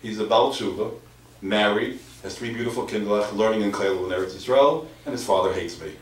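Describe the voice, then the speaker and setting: A man, a rabbi, giving an animated storytelling lecture, mixing in Hebrew and Yiddish terms and hammering his points home by repeating them. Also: on the low side, brisk. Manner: emphatic, repeats key phrases. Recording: echoey hall from far off, faint noise.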